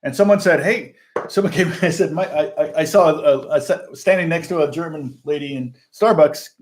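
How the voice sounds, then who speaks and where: Middle-aged male guitar host, fairly high voice, rambling, laughs a lot. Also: normal speed, slight background noise. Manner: rambling and chatty, laughs often. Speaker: guitar teacher and channel host. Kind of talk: casual livestream chat.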